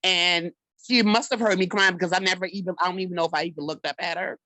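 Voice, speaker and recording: A woman's voice: fairly low pitch, steady tone, fast, pushed and bright, no room sound, rough recording. A woman guest telling a personal story in a conversational way, with lots of "like" and "you know".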